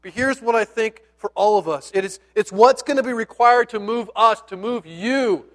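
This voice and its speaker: A male pastor preaching a sermon in a conversational, animated storytelling style with playful asides, dropping to a near hush on key words. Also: sits high, moderate pace.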